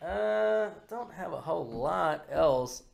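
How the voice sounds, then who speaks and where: Male podcast host, casual profane chatter, animated rambling delivery, slightly high voice. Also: slow pace, creaky.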